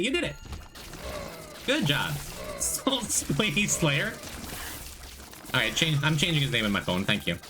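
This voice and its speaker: A man's voice: a little high, background noise. A man streaming a game, chatting casually, rambling and joking as he reads and answers chat. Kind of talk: casual live-stream chat while gaming.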